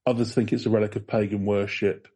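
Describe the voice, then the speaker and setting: A man's voice: fairly low pitch, little pitch movement, quick pace, dark tone, slightly rough. A man co-hosting a casual podcast, reading notes aloud in a rambling way with dry jokes. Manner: rambling with fillers, dry joking. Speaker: podcast co-host.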